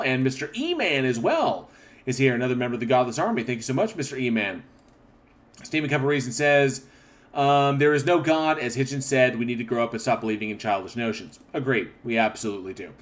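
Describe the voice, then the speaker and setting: Man from northern Oklahoma, mid-pitched, casual livestream host, loose rambling delivery. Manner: rambling, restarts, reads chat aloud. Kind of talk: casual livestream chat reading comments.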